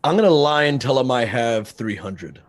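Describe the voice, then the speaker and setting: Dude playing a tabletop rpg, normal voice, jokey n casual. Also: male voice, medium pitch, animated, normal speed. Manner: joking, playful. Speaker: player. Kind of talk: casual game table chat.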